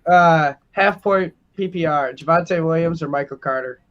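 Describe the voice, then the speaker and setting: A man's voice: fairly high pitch, normal speed, a bit bright. A man co-hosting a sports podcast, reading out listener questions and answering them in easy, joking casual chat. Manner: reads out listener questions, jokey. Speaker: podcast co-host. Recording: dull lo-fi sound.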